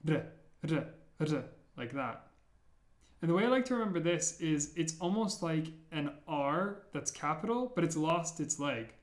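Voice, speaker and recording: Man teaching slowly in an echoey room. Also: on the high side, lively intonation. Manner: repeats sounds slowly and clearly. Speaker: language teacher. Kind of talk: slow, careful alphabet lesson.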